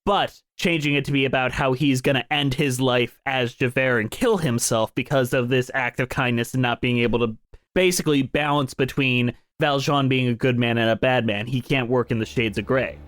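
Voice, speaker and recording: A man's voice: medium pitch, fairly even intonation, moderate pace, a bit bright, no echo, clean studio sound. A man co-hosting a casual podcast about musicals, enthusiastic and casually swearing. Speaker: podcast co-host.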